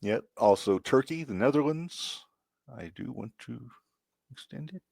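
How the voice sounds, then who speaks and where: A man co-hosting a podcast in casual chat, relaxed and full of fillers. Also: mid-range voice, a little slow, creaky, dry recording. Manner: relaxed, filler-heavy, chatty. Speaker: podcast co-host.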